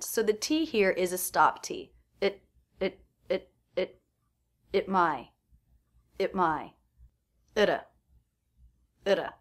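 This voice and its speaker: In a medium-pitched, slightly bright voice, a woman gives a pronunciation lesson with clarity and precision. She keeps a measured pace and repeats every sound she demonstrates, much like a scripted lesson.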